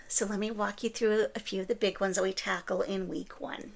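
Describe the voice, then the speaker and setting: A woman hosting a podcast, talking earnestly and encouragingly, often dropping into a breathy whisper. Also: medium pitch, fairly even intonation, a little fast, few pauses. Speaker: podcast host. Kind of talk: scripted podcast monologue.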